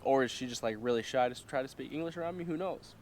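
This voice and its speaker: His mid-range voice is a little mellow and racing as this young American vlogger spins a profane, casual story full of fillers and acted-out dialogue. The recording carries slight background noise.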